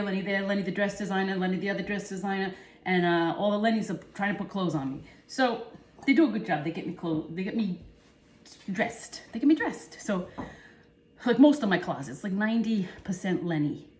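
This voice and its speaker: A woman's voice: mid-range voice, a little mellow, natural voice. A woman playing a brassy, chatty Italian-American cooking show host with a New Jersey accent, rambling from one tangent to the next. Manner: rambling, jumps between tangents, brash. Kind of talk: comic character monologue. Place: home kitchen. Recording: echoey home kitchen.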